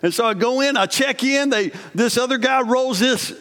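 Man in his 40s, very high pitched, telling his own story in a sermon in a big echoing hall; lively, laughing, keeps restarting his sentences. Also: moderate pace. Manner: animated, laughing, self-interrupting. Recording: long hall reverb.

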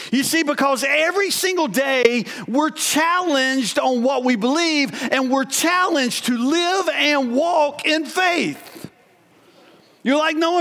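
A man in his forties preaching a sermon to his congregation, telling lively, conversational stories with asides to the people in front of him. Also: extremely high pitch. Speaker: pastor. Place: church sanctuary. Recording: long hall reverb from a church sanctuary.

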